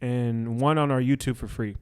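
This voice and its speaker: A young man co-hosting a podcast in casual, joking chat, full of quick restarts. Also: mid-range voice, fairly even intonation, smooth. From Washington D.C. area. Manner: hyped, joking, talks fast with restarts. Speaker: podcast co-host.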